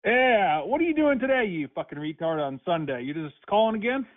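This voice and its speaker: On a tinny phone line, a man who is the target of a prank call rants angrily and hurls profane insults. His voice is high-pitched, very animated and brisk.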